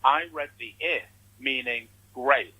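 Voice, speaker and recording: Animated storytelling man with a husky voice. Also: mid-range voice, takes it slowly, rough recording. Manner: animated storytelling, acts out quoted reactions. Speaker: interview guest. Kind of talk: conversational interview.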